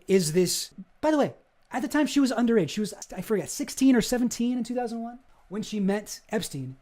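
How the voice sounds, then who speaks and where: A male streamer talking through deposition footage in an animated, profane and indignant way. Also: sits high.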